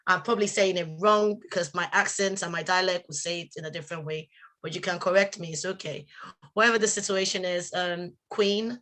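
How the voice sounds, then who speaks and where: A woman's voice: fairly low pitch, fairly bright tone. A woman with a Nigerian accent hosting a live online radio show, introducing guests with effusive praise. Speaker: host.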